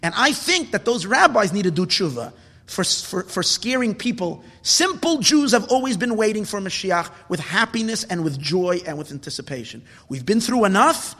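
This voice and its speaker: A man preaches with passion, his high, bright voice swinging between quiet reasoning and indignant outcry. The sound carries a long reverberant tail from the room. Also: big pitch swings, moderate pace. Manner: impassioned, rising to shouts of indignation. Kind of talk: passionate Torah talk.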